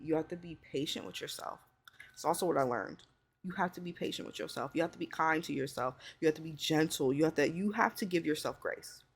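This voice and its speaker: Woman about 30 chatting to the camera, swears a lot, says like constantly, jumps up high when she gets worked up. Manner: blunt, heavy swearing, conversational filler "like" and "you know"; swings into high excited pitch when riled up. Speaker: vlogger. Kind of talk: casual chat, advice to viewers.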